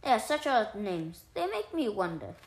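A woman voicing a fretful, suspicious little female mouse in a storybook tale, with shrill, indignant exclaiming. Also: very animated, moderate pace. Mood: curious. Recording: roomy echo.

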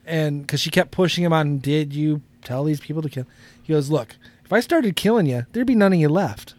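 A man's voice: a little high, fairly quick, darkish tone, no echo. A man co-hosting a casual podcast who rambles through loose anecdotes and laughs often. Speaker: podcast co-host.

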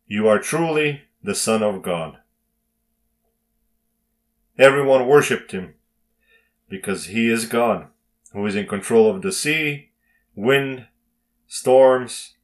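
A man reading a Bible story aloud and preaching on it in a slow, emphatic devotional style with dramatic pauses. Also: lowish voice.

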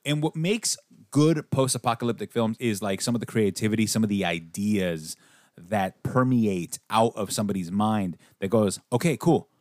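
A man's voice: lowish voice, normal speed, dry recording, studio quality. A man casually chatting on a podcast, reviewing a film with a lot of swearing and acting out the characters' lines. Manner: profane, animated, acts out characters' lines. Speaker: podcast host.

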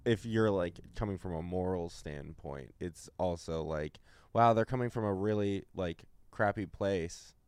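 A man's voice: low voice, a little slow, few pauses, darkish tone, clean tone, no room sound. A man co-hosting a casual podcast, laid-back and wisecracking, filling his talk with "like" and "you know". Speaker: podcast co-host.

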